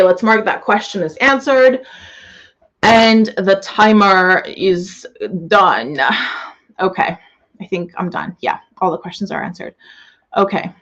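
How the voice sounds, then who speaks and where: A young woman business coach closing a live webinar, gushing and excitable, swearing freely as she greets viewers. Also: medium pitch, lo-fi sound.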